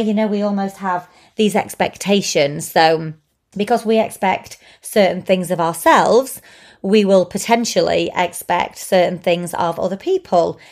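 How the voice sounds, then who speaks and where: A woman giving a gentle, thoughtful talk, often repeating words for emphasis. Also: mid-range voice. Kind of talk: reflective talk to camera.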